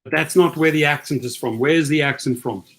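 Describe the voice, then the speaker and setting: A middle-aged man with a South African accent hosts a livestream chat, coaching his listeners in an energetic way and often repeating himself. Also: fairly high pitch, brisk. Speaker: host. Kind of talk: livestream chat giving advice.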